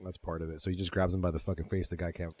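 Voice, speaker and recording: A man in his thirties with a low, deep voice and a husky edge talks through a horror film scene by scene. He co-hosts a podcast in loose, easygoing chat and swears freely. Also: little pitch movement, rapid-fire, warm tone. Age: 30s. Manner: laid-back, swears a lot, retells scenes. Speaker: podcast co-host. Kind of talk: casual movie-review chat.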